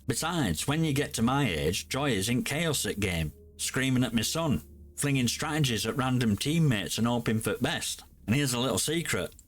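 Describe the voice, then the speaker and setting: A middle-aged man from Yorkshire with a broad Yorkshire accent, talking in a grumpy, sarcastic, blunt way in a scripted gaming vlog. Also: mid-range voice. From Yorkshire, England. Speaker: gaming YouTuber.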